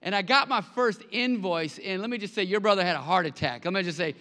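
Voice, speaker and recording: A man preaching a sermon to his congregation, conversational and animated, telling stories with acted-out quotes. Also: sits high, fast talker. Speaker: pastor. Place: church sanctuary. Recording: long hall reverb.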